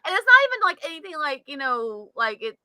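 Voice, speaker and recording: Giggly woman with a bright voice. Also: high-pitched, very animated, brisk, no room sound. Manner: giggly, laughs often; rambling with many fillers. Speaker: podcast co-host. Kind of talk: casual chat.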